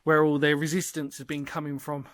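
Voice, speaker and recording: A man's voice: fairly high pitch, flat delivery, brisk, a bit bright. A man exploring an underground bunker alone and chatting to his channel viewers, rambling and enthusiastic. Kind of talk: casual solo exploring vlog. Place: inside a small underground brick bunker in woodland.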